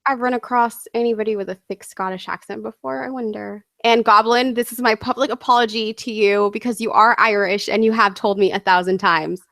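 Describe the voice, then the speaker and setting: An American woman with a fairly high, gravelly voice hosts a casual interview. She is friendly and curious, and her voice is recorded dry and close. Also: steady tone, fairly quick, few pauses, a bit bright, no echo. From United States. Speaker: host and interviewer.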